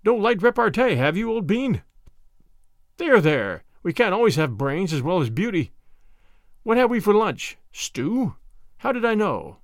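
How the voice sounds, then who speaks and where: A man playing a flippant young adventurer, jaunty and bright. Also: sits high, sing-song, unhurried, dry recording, clean studio sound, exaggerated voice. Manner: jaunty, joking, mock-grand. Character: cheeky young English adventurer, flippant and bold. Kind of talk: audiobook character voice.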